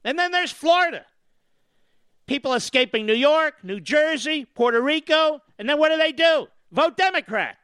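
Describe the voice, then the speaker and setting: A man's voice: very high-pitched, lively intonation, moderate pace, fairly bright tone, dry recording, clean studio sound. An older man from the US East Coast hosting talk radio, sarcastic and combative in a mocking monologue. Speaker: radio talk show host.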